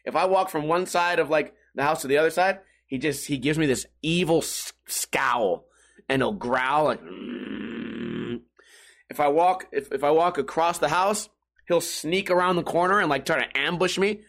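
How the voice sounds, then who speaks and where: A man hosting a podcast, telling rambling, profane stories in a casual, comedic monologue with jumpy, animated delivery. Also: fairly high pitch, normal speed. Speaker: podcast host.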